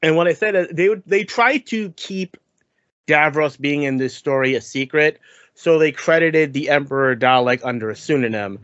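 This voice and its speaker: An animated man in casual podcast chat, mid-pitched and lively, who stumbles over repeated words and breaks into mimicry. The sound is dry and close, a little dull and lo-fi. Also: moderate pace, dry recording. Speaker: podcast co-host.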